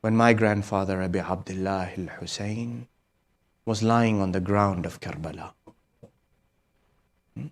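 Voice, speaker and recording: A man delivering a mourning sermon, telling the story softly and often prompting his listeners with a questioning "hmm?", at times rising to loud peaks. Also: low voice, unhurried, pauses often. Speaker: preacher.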